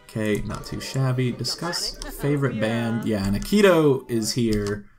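A man's voice: medium pitch, lively intonation, unhurried, a little mellow, soft background music. A man giving casual, joking gameplay commentary and talking to the game characters as he plays. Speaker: gameplay video host.

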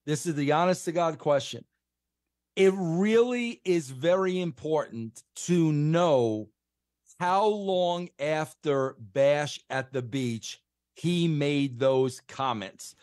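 Male guest, slightly higher voice, firm and insistent, lots of yeahs, dry close mic. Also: expressive, takes it slowly, a little mellow, dry recording. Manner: insistent, repeats "yeah". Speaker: guest, former wrestling writer. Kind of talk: interview answers.

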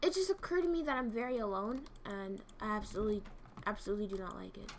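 A woman streaming a game, talking casually in an excitable, jumpy way and swearing often. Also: mid-range voice, fast, a little hiss or hum. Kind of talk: casual gameplay commentary.

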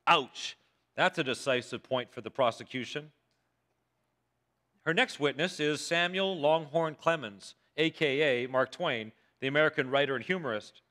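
A man's voice: on the high side, normal speed, pushed and bright. A male pastor preaching a sermon told as a dramatic courtroom story, voicing the characters himself. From Canada. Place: church sanctuary.

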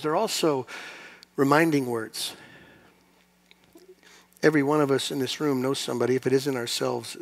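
A man preaching a sermon to his congregation, asking rhetorical questions and building to loud, emphatic peaks. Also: mid-range voice. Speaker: pastor.

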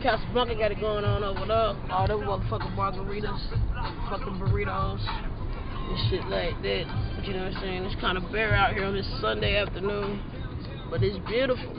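A woman's voice: mid-range voice, flat delivery, normal speed, lo-fi sound, loud music behind the voice, a loud crowd. A woman vlogging in a casual, boisterous, rambling way, swearing constantly as she talks. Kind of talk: casual vlog chat.

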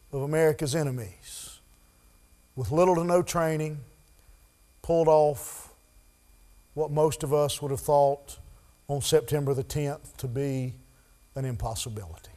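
Guy preaching in church, kinda high voice, goes from quiet to loud and fired up. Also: a little slow, long pauses. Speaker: pastor. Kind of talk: sermon.

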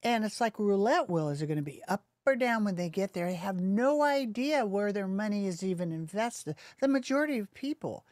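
A woman's voice: medium pitch, expressive, a little fast, hardly any pauses, a little mellow, dry recording, studio quality. A middle-aged woman who is a podcast host, enthusiastic and chatty in a casual interview.

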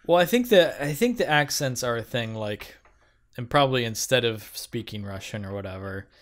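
A man's voice: mid-range voice, animated, moderate pace. A man co-hosting a movie podcast, talking casually and hesitantly, often stopping to find his words. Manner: hesitant, many fillers and restarts, easygoing. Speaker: podcast co-host. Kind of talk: casual chat.

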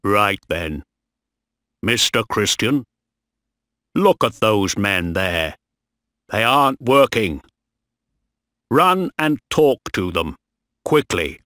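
A man's voice: fairly low pitch, big pitch swings, slow, pauses often, bright, forceful tone, no echo, studio quality, exaggerated voice. A man voicing a strict, commanding ship captain who gives curt orders. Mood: stern.

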